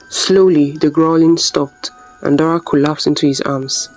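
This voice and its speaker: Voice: mid-range voice, fairly even intonation, measured pace, faint music behind, poor audio. A storyteller narrating a scripted folktale in a dramatic, suspenseful way.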